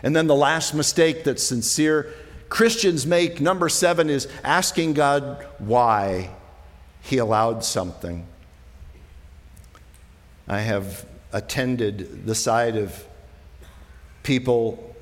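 A man preaching as a pastor, talking conversationally, moving between quiet, slow passages and emphatic ones. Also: medium pitch, in a large hall. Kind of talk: sermon.

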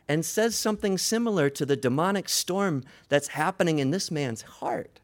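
Gravelly, animated male preacher. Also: fairly high pitch, normal speed, few pauses. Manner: dramatic storytelling, swings from hushed to loud. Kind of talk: sermon.

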